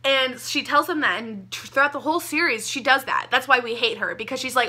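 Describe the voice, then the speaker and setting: A young woman gushing about a book she loved, talking casually and excitably with lots of "like" fillers. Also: high voice, a little fast, breathy edge. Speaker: book reviewer.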